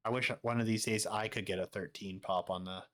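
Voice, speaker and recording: A man giving quick, offhand commentary as he plays a wrestling management game. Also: lowish voice, fairly even intonation, fairly bright tone. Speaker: gaming streamer.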